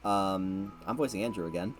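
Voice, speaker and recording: A man's voice: low-pitched, normal speed, music in the background. A man hosting a casual late-night stream chat, rambling and repeating words, laughing often. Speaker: streamer host.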